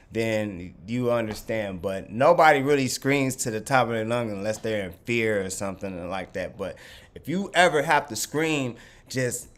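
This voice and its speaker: A man telling a story in casual chat, animated, swearing and loudly acting out what others said. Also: mid-range voice. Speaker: vlogger.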